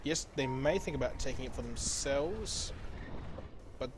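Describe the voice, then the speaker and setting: An Australian man doing play-by-play commentary on a video game match. He gets louder and faster as the fights heat up. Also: mid-range voice, noisy background. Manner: excitable, speeds up and gets loud in fights. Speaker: esports caster.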